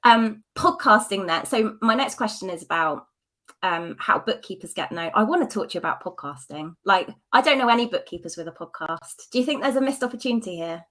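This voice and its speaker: A woman's voice: mid-range voice, animated, fairly quick, fairly bright tone. A woman hosting a podcast, asking her guest casual, curious questions. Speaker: podcast host. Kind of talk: interview questions.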